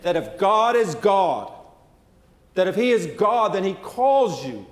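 High-voiced man preaching in a hall. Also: very animated, slow pace. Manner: conversational, folksy storytelling with many fillers and restarts. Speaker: pastor. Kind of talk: sermon.

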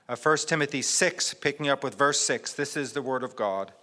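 Bright-voiced pastor preaching in a church. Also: male voice, mid-range voice, moderate pace, hardly any pauses, long reverb tail. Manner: emphatic preaching with repetition. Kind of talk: sermon. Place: church sanctuary.

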